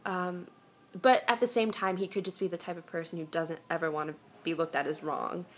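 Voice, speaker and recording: A woman's voice: on the low side, steady tone, a little fast. A young woman vlogging from home on a phone camera, answering viewer questions with chatty, reassuring relationship advice full of "um"s and restarts. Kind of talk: casual advice chat.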